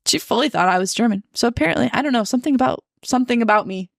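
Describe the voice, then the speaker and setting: A young woman from Michigan co-hosting a podcast in casual chat, chatty and giggly, talking in quick bursts. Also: fairly high pitch, gravelly, dry recording, clean studio sound. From Michigan, United States. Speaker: podcast co-host.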